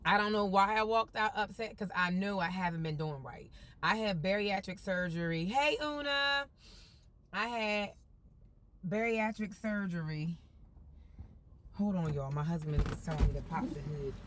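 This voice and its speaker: A woman's voice: lowish voice, normal speed. A woman live-streaming from a car on her phone, chatting casually with her viewers in a folksy, upbeat way. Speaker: vlogger.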